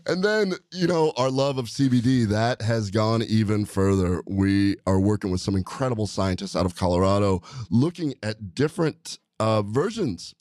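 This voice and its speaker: A man's voice: lowish voice, darkish tone, dry recording. A man hosting a podcast, talking in an enthusiastic, rambling way with frequent restarts, in a studio. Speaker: podcast host, doctor. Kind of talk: casual podcast chat.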